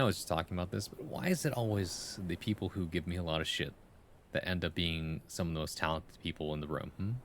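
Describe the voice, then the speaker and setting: A low-voiced man streams live over a little hiss or hum, reading a viewer's poem aloud. He gives playful feedback, hums the rhythms, and keeps tagging his questions with "right?".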